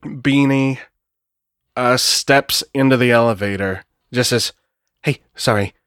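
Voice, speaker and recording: A man narrates a solo tabletop role-playing game and thinks aloud in a casual, unhurried way, swearing here and there. His voice sits at a middle pitch. The sound is dry and close. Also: a bit bright, clean tone, no room sound. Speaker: game master.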